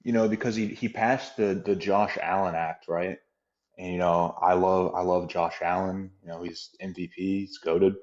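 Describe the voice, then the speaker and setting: A man in his twenties calling in to a livestream, halting and stammering, using slang. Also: deep voice, fairly even intonation, darkish tone, muffled recording. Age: 20s. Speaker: caller. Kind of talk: call-in chat.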